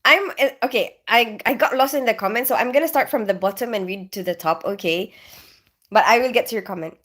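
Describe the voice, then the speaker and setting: A woman's voice: fairly high pitch, a little fast, a bit bright. A woman hosting a casual livestream from her bedroom, chatting and answering viewers by name as she reads their comments. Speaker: livestream host.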